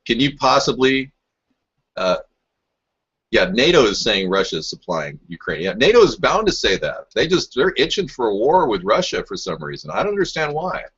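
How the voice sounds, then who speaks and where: Husky man in combative political rant. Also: medium pitch, sing-song, normal speed, fairly bright tone, muffled recording. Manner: combative, mocking, sarcastic. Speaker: talk show host. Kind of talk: rambling political talk, answering live chat.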